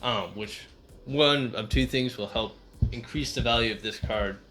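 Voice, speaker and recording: A young man co-hosting a casual card-collecting video, explaining things in an easygoing, halting way. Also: mid-range voice, fairly bright tone, a little hiss or hum. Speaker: co-host. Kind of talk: casual hobby vlog.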